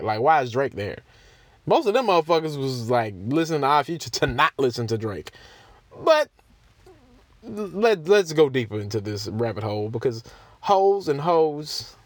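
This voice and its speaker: A man's voice: fairly high pitch, fairly bright tone, dry recording. A young man hosting a casual solo podcast, ranting in a profane, mocking way and laughing often. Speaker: podcast host.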